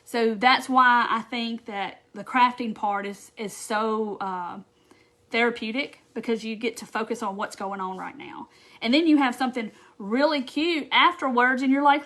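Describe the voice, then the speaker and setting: A chatty woman, talking to her viewers on a casual craft live stream. Her voice sits a little high, and she keeps things bubbly and loose, full of "um"s and quick asides. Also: a bit bright. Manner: chatty and bubbly, with frequent fillers and quoted asides.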